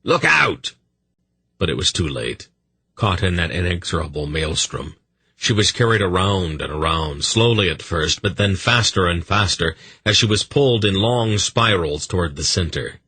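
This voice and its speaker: A male narrator reads a dark fantasy audiobook with intense, dramatic storytelling and lively intonation at a moderate pace. His voice is very deep with a forceful, husky edge, and the recording is dry and close.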